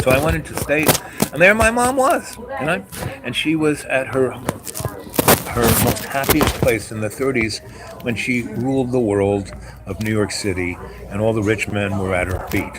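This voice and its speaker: A man's voice: medium pitch, big pitch swings, measured pace. Rambling older man telling a story. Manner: rambling, filler-heavy. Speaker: host. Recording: loud hiss and clicks.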